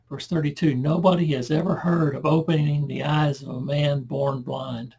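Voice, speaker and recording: A man giving a verse-by-verse Bible lesson in a conversational manner. He reads the scripture louder and breaks into chatty asides. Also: on the high side, steady tone, moderate pace, creaky, husky. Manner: conversational, loud when reading scripture aloud, asides and self-corrections. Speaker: Bible teacher.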